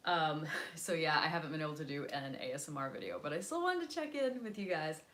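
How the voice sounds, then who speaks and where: A woman's voice: sits low, lively intonation, brisk, a bit bright. A young woman chatting casually on a home live stream, rambling while she eats and moves around the house. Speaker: vlogger. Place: home, indoors, moving around.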